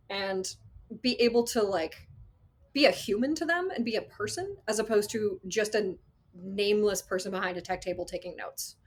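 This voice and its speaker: A woman working as an associate sound designer, telling stories in a casual interview, animated and acting out quotes with frequent laughs. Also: mid-range voice, a little fast. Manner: animated storyteller, acts out quotes, laughs often.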